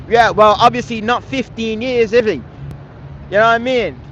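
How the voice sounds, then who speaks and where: A man's voice: extremely high pitch, moderate pace, fairly bright tone, lo-fi sound, a little hiss or hum. A man on a live stream arguing with his chat, confrontational and scolding, swearing often and tagging his lines with "man". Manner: repeats phrases, tags lines with "man". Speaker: livestreamer answering chat.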